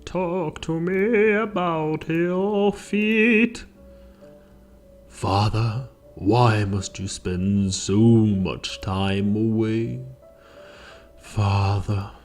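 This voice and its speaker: A man voicing a confused, frail old male professor who talks in a slow, wavering, bewildered way. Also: on the low side, little pitch movement, darkish tone, faint music behind, exaggerated voice.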